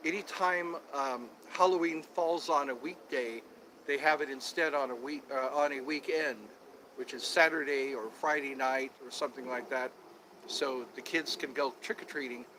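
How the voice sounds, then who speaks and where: A man's voice: medium pitch, steady tone, moderate pace, pushed and bright, slight background noise, poor audio. A man chatting casually on a livestream, rambling with many fillers, recorded outdoors on a phone. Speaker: livestream host. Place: outdoors at sunset, traffic passing.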